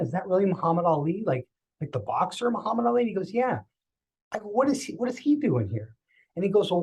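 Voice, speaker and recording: A man tells a personal story on a podcast in a slightly high voice. He talks in an animated way, acting out the voices of the people he quotes. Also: breathy edge, poor audio. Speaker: podcast guest.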